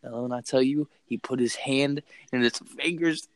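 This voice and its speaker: A man's voice: medium pitch, normal speed, dry recording, poor audio. Young guy telling a creepy story, swears a lot, dry close sound. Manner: excited, profane, repeats phrases. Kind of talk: casual story.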